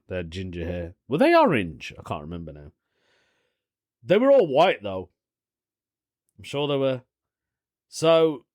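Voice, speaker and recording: A man's voice: mid-range voice, no echo, clean studio sound. A young man hosting a casual solo podcast, rambling and interrupting himself, often chuckling as he talks. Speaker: podcast host.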